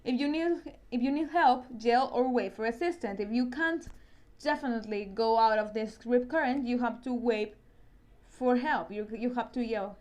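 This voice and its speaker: Woman teacher, Spanish accent, slightly high voice, careful explainer who repeats herself. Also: normal speed, a little mellow. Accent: Spanish-speaking. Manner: explains step by step, often repeats and restarts words. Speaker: science teacher. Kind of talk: recorded online science lesson.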